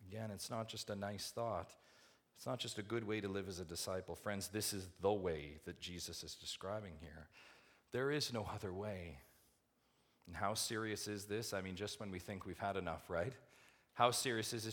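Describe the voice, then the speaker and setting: A man preaching a sermon to his church, asking rhetorical questions and swinging from hushed asides to loud, emphatic build-ups. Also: deep voice, normal speed. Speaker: pastor.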